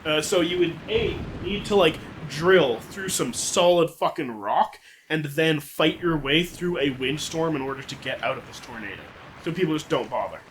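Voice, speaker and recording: A man's voice: fairly high pitch, normal speed, fairly bright tone, a little hiss or hum. A young adult man telling a long story in casual chat, rambling and profane.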